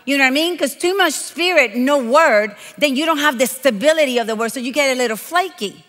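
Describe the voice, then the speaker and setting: High, bright-voiced woman preacher. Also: fairly quick, long reverb tail. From Puerto Rico. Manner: animated, playful, emphatic preaching with quoted asides. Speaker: guest preacher. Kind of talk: lively storytelling sermon.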